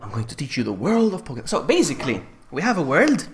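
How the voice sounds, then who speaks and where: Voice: medium pitch, wildly swooping pitch, fast talker, roomy sound, music in the background. A game streamer chatting casually on a live stream, giggly and greeting viewers by name.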